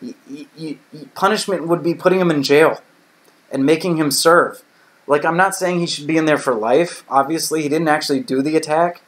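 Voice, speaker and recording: A man's voice: a little high, brisk. An American man hosting a live stream, ranting bluntly and indignantly, swearing freely and repeating himself. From United States. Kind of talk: casual live-stream rant. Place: home in Taiwan.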